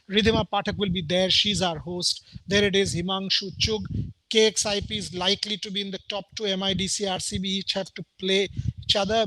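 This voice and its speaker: A man hosting a live sports talk show, animated and firing off rhetorical questions. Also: sits high, poor audio. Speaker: show host.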